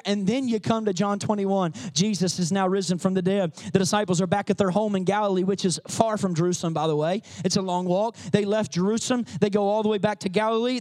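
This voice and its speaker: A man preaching a sermon to a congregation, emphatic and firing rhetorical questions at his listeners. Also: very high voice. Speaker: pastor. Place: speaking to a congregation in a room.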